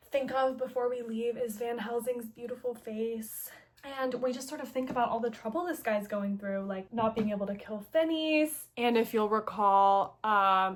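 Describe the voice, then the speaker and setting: A woman hosting a casual story recap, chatty and playful, with lots of filler words and side comments. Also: on the high side. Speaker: host.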